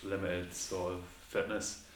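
A man's voice: low voice, little pitch movement, a little slow. A man hosting a podcast, talking casually and enthusiastically. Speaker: podcast host. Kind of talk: casual conversation. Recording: roomy echo with faint background noise.

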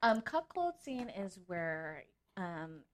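A woman's voice: on the low side, slow pace, crowd noise. An American woman talking as a studio guest, telling stories candidly with lots of fillers. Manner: lively, candid storytelling with many fillers. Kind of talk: casual chat.

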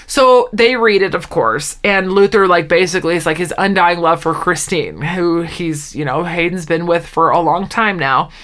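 A woman's voice: lowish voice, moderate pace, few pauses. Chatty woman recapping a sitcom. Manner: chatty, animated retelling with acted-out quotes. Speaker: podcast co-host. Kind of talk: casual chat recapping a sitcom.

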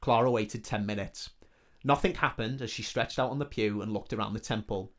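A man's voice: on the low side, brisk. A man reading a comedic fantasy story aloud in a joking manner. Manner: joking, laughs between lines.

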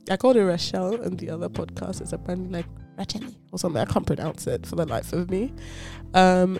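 Laughing frequently, a podcast co-host shares a story in a giggly, chatty way during casual conversation. She has a fairly low, mellow voice with vocal fry.

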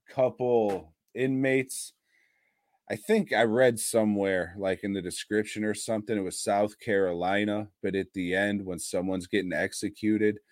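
A man's voice: lowish voice, darkish tone, no room sound, clean studio sound. A man co-hosting a podcast, chatting casually about horror movies, swearing constantly and laughing often. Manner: profane, rambling, laughs often. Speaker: podcast co-host.

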